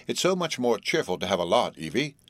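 A man's voice: lowish voice, sing-song, brisk, a bit bright, no room sound. A man playing a jovial, slightly tipsy middle-aged businessman who talks in a hearty, coaxing, stubborn way.

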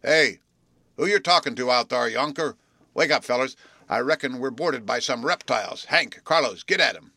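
A man voicing a gruff, rough grown man who booms out orders. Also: expressive, moderate pace, dry recording. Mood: angry. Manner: booming, shouting.

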